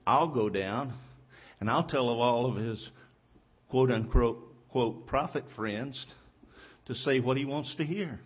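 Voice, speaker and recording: Slow and with a breathy edge, a pastor's medium-pitched voice comes through dull audio as he preaches from his church pulpit. His sermon retells a story in which he acts out the characters' lines.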